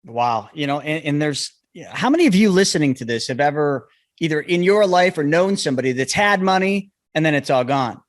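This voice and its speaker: A man's voice: fairly high pitch, expressive, a little fast, dry recording, clean studio sound. A man hosting a podcast interview, speaking straight to the listeners in a lecturing tone. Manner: addresses listeners directly, lecturing tone. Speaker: podcast host.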